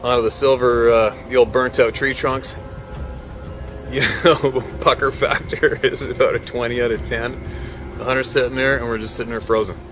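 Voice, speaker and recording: A man, a hunting guide, telling a tale vividly, with quick laughs between phrases and swings from hushed to loud. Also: mid-range voice. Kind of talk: animated storytelling. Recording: noisy background hum.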